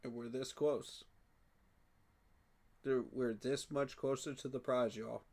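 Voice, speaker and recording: A man talking excitedly in a casual fan reaction vlog, emotional and repeating himself. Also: mid-range voice, slow pace. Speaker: sports fan vlogger.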